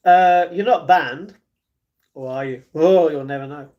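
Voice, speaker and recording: A man's voice: fairly high pitch, unhurried, lo-fi sound. A man live streaming, chatting casually and reading viewer comments aloud, often laughing.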